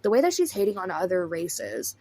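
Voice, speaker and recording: A woman's voice: lowish voice, very animated, fairly quick, darkish tone. A woman with a Southern US accent giving blunt, chatty commentary, often addressing viewers as y'all. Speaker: commentary host. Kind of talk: casual commentary.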